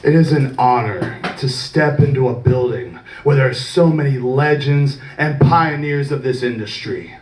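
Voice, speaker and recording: A man delivering an intense, shouted wrestling promo with a heavy rhythmic cadence. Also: medium pitch, measured pace, few pauses. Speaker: wrestling student. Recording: echoey room from far off.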